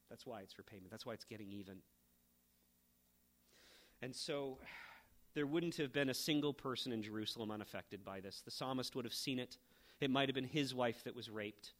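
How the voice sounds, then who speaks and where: A middle-aged man preaching a sermon, emphatic, rising to fervent peaks and then dropping to a quiet, low delivery. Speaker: pastor.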